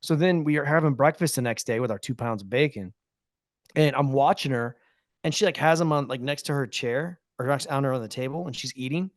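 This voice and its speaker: A man's voice: medium pitch, brisk, no echo. Podcast guy telling a story, acts out the quotes, dry close mic. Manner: animated storyteller acting out quotes. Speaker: podcast host. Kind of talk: casual storytelling chat.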